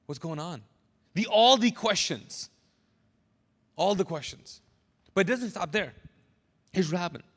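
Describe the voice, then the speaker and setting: A man preaching a sermon as pastor, animated and drawing answers out of his congregation. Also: high-pitched, a little slow, long pauses, breathy edge, big-room sound. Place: church sanctuary.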